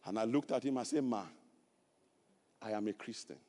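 A Nigerian man preaching a sermon, telling a personal story and building to loud, emphatic preaching. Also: fairly low pitch, moderate pace, in a large hall. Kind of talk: sermon testimony.

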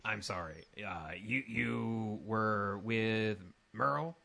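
Guy voicing an old wizard, low and slow, a bit puzzled. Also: gravelly, bright, forceful tone, full character voice. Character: old human male wizard in stained robes.

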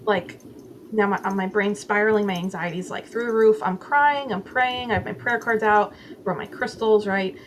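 A woman's voice: medium pitch, moderate pace, slight background noise, poor audio. A woman guest in a casual interview, candidly telling a personal story and acting out her own inner voices, with many "like" fillers. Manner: frequent "like" fillers.

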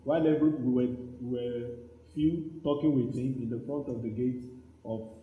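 Animated Nigerian pastor preaching. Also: male voice, mid-range voice, moderate pace, echoey room, phone-quality sound. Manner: animated storytelling, acting out voices in dialogue. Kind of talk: sermon.

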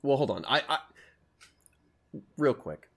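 A man's voice: mid-range voice, sing-song, takes it slowly, creaky, a bit bright, husky. Regular guy ranting about a show, mid voice, lots of restarts and swearing. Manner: rambling, opinionated, swears. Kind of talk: casual chat.

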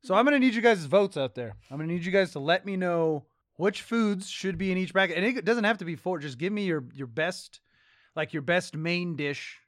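Man, casual podcast banter, a bit high-pitched, dry close sound. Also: brisk, no echo. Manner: loose, joking, swears casually. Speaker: podcast co-host. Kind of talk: casual chat.

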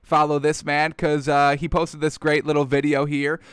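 A young man from the United States chats about football with loose, excitable energy, laughing and addressing his viewers as folks. His voice sits a bit high and sounds smooth and clear. The recording is close and dry. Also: moderate pace, no room sound. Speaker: sports commentator host. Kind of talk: casual football chat and highlight commentary.

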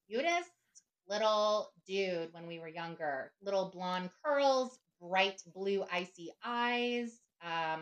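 A middle-aged woman with a slightly low voice talks as a podcast guest. She speaks in a reflective, conversational way, often adding "right?" and "you know". Her tone stays open and personal. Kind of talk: conversational interview.

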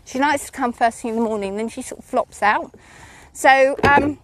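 A woman chatting casually about her horses, giggling often and filling pauses with ums. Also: on the high side, a bit bright, a little hiss or hum. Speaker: horse owner vlogger. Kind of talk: casual chat.

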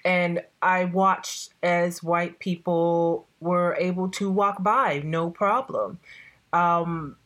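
Lower-voiced woman hosting a chat. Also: slow pace. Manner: storytelling, animated quotes, self-corrections. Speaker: host. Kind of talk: casual conversation.

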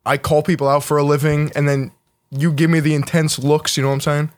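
A woman's voice: sits low, flat delivery, fairly quick. Young woman co-host, blunt and teasing, lots of slang. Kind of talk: casual podcast banter.

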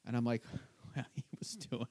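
Animated male comedian telling a story. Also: mid-range voice, normal speed, dry recording. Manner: animated, acts out the other people's lines. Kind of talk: casual podcast storytelling. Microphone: podcast microphone.

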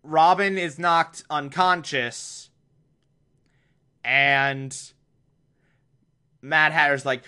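A man's voice: a little high, steady tone, drawn-out words, pauses often, pushed and bright, clear, resonant tone. A man giving a comedic recap of a cartoon episode, sarcastic and prone to exasperated rants. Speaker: show recap host.

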